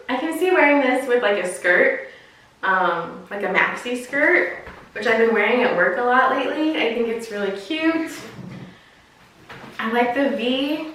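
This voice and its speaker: Woman reviewer, high voice, chatty and gushing, boomy distant room sound. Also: fairly bright tone, slight background noise. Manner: chatty and gushing, talks to the clothes. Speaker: clothing subscription box reviewer. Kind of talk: casual unboxing and try-on chat. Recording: echoey room, mic at a distance.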